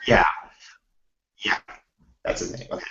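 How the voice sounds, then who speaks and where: A man's voice: unhurried, reverberant, lo-fi sound, noisy background. A man chatting casually, rambling through a story with lots of restarts. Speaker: live chat participant. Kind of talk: casual chat.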